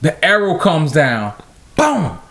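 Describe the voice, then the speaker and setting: A man's voice: takes it slowly, gravelly. A man co-hosting a casual podcast, telling a childhood story with lots of laughter and acted-out quotes. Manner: animated, laughs often, acts out quotes in high voice. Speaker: podcast co-host.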